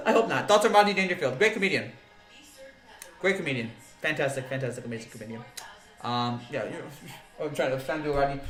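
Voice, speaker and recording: A man's voice: fairly high pitch, quick pace, a bit bright. A man hosting a casual livestream, rambling as he reads and answers viewer comments and often laughing. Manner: rambling, laughing, with frequent fillers and restarts. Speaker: livestream host. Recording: roomy echo.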